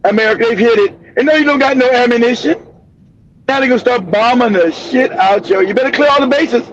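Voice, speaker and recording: A man hosting a political commentary show, ranting angrily with profanity and bursts of shouting. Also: very high voice, brisk, no echo. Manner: angry, profane, shouting tirades. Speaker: host. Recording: dull lo-fi audio.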